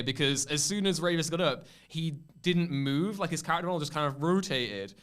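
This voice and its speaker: A young man on a casual podcast, talking in a smooth, clear voice. He tells his stories with energy and acts out the scenes as he goes. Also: fairly high pitch, brisk, few pauses. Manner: animated storyteller who acts out scenes. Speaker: podcast co-host. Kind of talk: casual chat.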